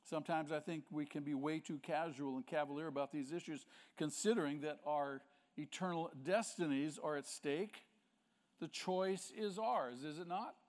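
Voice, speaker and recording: Pastor guy preaching hard, bit high voice, keeps asking the crowd stuff. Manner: emphatic preaching, rhetorical questions to the congregation. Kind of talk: sermon.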